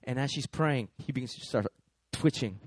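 A man's voice: mid-range voice, normal speed, no echo. A man preaching a sermon, telling a story and acting out each person in it. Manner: animated, acts out every character.

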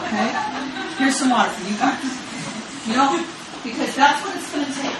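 A woman's voice: high-pitched, lively intonation, moderate pace, distant mic, heavy background noise. A woman in her fifties from Texas, a grandmother, preaching a sermon as guest speaker with urgent, repetitive call-and-response. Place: church service. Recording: roomy church sound from off-mic.

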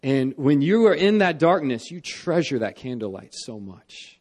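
A young man preaching a sermon in church. He talks earnestly, lifting his voice for emphasis and dropping it low for solemn parts. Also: big pitch swings, moderate pace, a little mellow.

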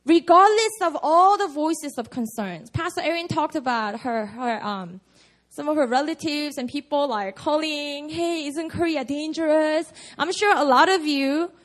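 A woman's voice: high voice, lively intonation, normal speed, a bit bright. A woman preaching a casual, conversational sermon at a prayer meeting, full of "you know" and "like". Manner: chatty, many fillers like "you know" and "like".

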